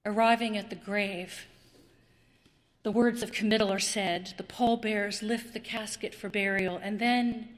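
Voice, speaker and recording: A woman preaching a sermon, slow and dramatic, with long pauses and repeated words. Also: mid-range voice, fairly even intonation, big-room sound.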